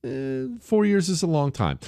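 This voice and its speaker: A man hosting a talk radio show, delivering a blunt, conversational political monologue that swings between punchy highs and low asides. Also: sing-song, measured pace, vocal fry, warm tone, no room sound, studio quality. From United States.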